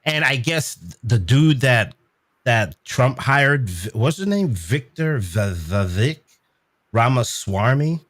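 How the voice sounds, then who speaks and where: Lively-voiced man, dry close sound. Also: medium pitch, slow pace, no echo. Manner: agreeable, says "right" a lot, restarts sentences. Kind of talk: casual chat.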